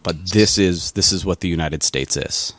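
Deep-voiced man in impassioned commentary. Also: moderate pace, a bit bright, dry recording. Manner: impassioned, with frequent restarts and fillers. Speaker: podcast co-host. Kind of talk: political commentary podcast.

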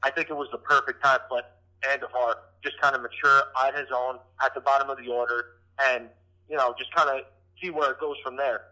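Podcast guest, male, very bright tone, hesitant casual delivery. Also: medium pitch, level tone, fairly quick, poor audio. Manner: hesitant, restarts often, stats-heavy.

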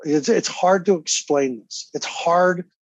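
A man's voice: on the high side, slow pace, breathy edge, no echo. A man in his fifties, reading a personal letter and then talking candidly as a guest, intense and emphatic. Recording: slightly dull, dry sound.

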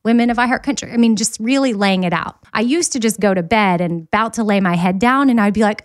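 Woman podcast host, chatty and animated, close dry mic, everyday mid pitch. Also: no echo. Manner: chatty, animated storytelling with quick asides. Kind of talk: casual chat.

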